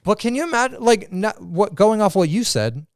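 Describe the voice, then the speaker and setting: A young man co-hosting a podcast, telling a crude childhood story in casual chat, animated and swearing freely. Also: high-pitched, moderate pace, dry recording, clean studio sound. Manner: storytelling, profane and animated, acts out quoted voices. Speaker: podcast co-host.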